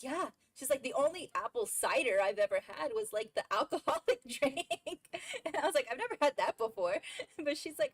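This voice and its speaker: Chatty young woman streamer. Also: a little high. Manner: chatty storytelling with frequent laughs and fillers. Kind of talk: casual chat while gaming.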